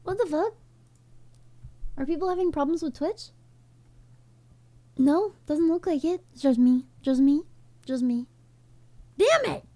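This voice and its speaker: High-voiced, unhurried streamer woman. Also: animated, dark tone. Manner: casual and profane, repeats her own phrases. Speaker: VTuber streamer. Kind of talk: casual livestream chat.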